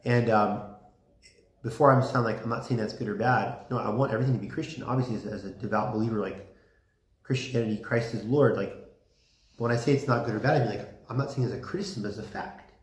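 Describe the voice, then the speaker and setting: A man giving a casual classroom lecture, chatty and full of fillers, with lively emphasis. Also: fairly low pitch, fast talker. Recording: roomy classroom echo.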